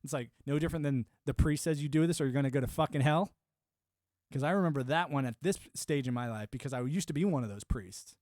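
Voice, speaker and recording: A man's voice: medium pitch, fast talker, darkish tone, no echo, studio quality. A man from the United States streaming a casual, rambling monologue, emphatic and prone to repeating words as he restarts his thoughts.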